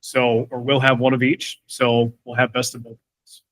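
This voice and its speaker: A man from Michigan, a guest on a podcast, chatting in a friendly, relaxed way and chuckling now and then. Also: medium pitch, normal speed. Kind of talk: casual podcast chat.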